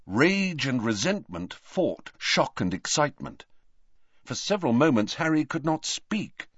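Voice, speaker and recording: Male audiobook narrator, lively dramatic storytelling, dry and slightly dull recording. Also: medium pitch, measured pace, breathy edge, no room sound. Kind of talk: scripted narration.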